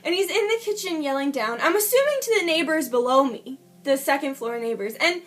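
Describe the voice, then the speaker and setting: A woman with a high voice tells a personal story straight to camera, casual and candid. She swears freely and walks through events beat by beat, emotion close to the surface. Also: expressive, a little fast, a bit bright. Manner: emotional play-by-play retelling. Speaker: vlogger. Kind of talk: storytime vlog.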